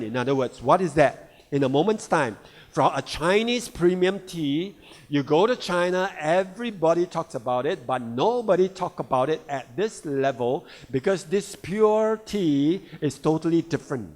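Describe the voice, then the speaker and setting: A man giving a sales seminar talk on a product, often asking the audience "right?" and "all right?". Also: fairly high pitch. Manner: slow, repeats "all right" and rhetorical questions. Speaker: product presenter.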